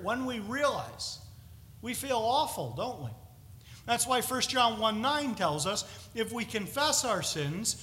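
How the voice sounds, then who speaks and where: A man's voice: extremely high pitch, bright, forceful tone. A man preaching a sermon in an earnest, explaining manner, with homely asides to the congregation. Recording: reverberant hall.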